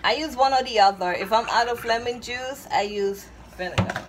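A woman's voice: on the high side, moderate pace, noisy background. A woman hosting her own cooking video in a home kitchen, chatting casually as she explains each step and fondly repeats herself. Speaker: cooking channel host.

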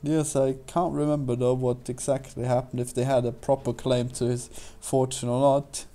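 A man co-hosting a let's play, chatting casually with a dry, deadpan sense of humor. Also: mid-range voice, normal speed. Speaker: co-host. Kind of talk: casual chat over gameplay.

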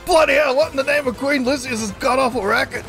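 A man doing a gravelly cursing pirate villain. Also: extremely high pitch, quick pace, faint music behind, pitched above the performer's own voice. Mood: blustering. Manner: cursing, blustering, shouting insults. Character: gruff cockney-style pirate villain, hot-tempered. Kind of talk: voicing game characters while playing.

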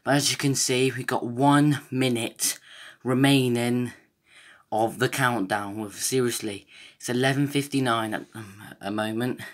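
A young man hosting a casual vlog, out of breath and excited, rambling with restarts. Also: mid-range voice, unhurried. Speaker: gaming YouTuber.

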